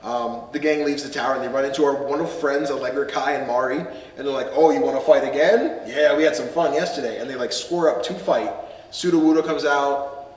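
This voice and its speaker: A man's voice: mid-range voice, fairly quick, roomy sound, big-room sound, far from the mic. A man hosting a casual podcast, recapping a film with friends, laughing often and acting out lines with some swearing. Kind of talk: casual group chat.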